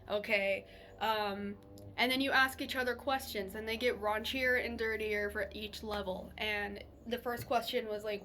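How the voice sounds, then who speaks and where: A young woman vlogger telling a personal story in a chatty, animated way, swearing freely and laughing as she goes. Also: mid-range voice, slight background noise. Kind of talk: casual storytelling to camera.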